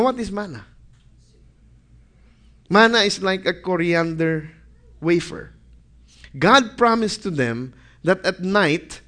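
A man's voice: high-pitched, a bit bright. A man preaching a sermon, reading scripture aloud and putting questions to the congregation that he answers himself. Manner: reads scripture aloud with rising emphasis.

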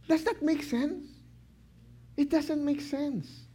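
A man preaching a sermon, slow and emphatic, who keeps asking rhetorical questions. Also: very high voice, dark tone.

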